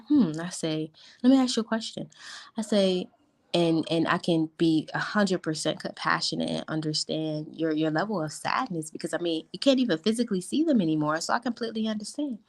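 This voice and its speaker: A young adult woman coaching on a live stream, talking in an animated way and leaning hard on positive words. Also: on the low side. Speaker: life coach.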